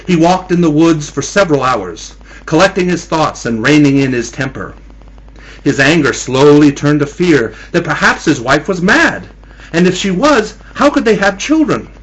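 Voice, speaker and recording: A man's voice: fairly high pitch, animated, normal speed, fairly bright tone, husky, highs cut off. A man telling a spooky Halloween story in a teasing, theatrical manner, addressing his listeners as kiddies.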